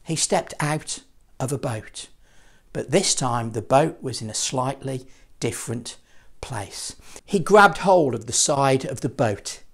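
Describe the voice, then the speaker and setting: A man's voice: medium pitch, expressive, takes it slowly, vocal fry, slightly rough. Man telling a bible story for kids, playful and dramatic, voice swinging all over. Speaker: children's ministry puppeteer and storyteller.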